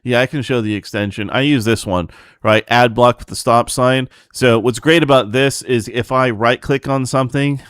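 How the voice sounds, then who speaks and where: A man's voice: medium pitch, fairly even intonation, moderate pace, fairly bright tone, clean tone, no echo, studio quality. A man hosting a livestream, talking casually in a blunt, profane, ranting way to his chat. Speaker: streamer host.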